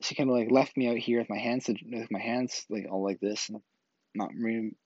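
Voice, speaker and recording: A man's voice: lowish voice, little pitch movement, moderate pace, darkish tone, breathy edge, dry recording. A man casually telling a personal story, rambling with lots of filler words and restarts. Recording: dull, slightly lo-fi dry recording.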